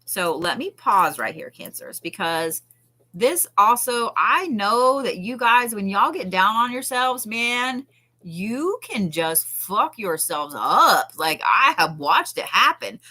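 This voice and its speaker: A woman reads tarot cards on a live stream. Her voice is bright and forward, and her delivery is chatty and unfiltered. She drops casual curses and soothing reassurances as she talks. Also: mid-range voice, sing-song, takes it slowly, slightly rough. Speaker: tarot reader. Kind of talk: live-stream card reading.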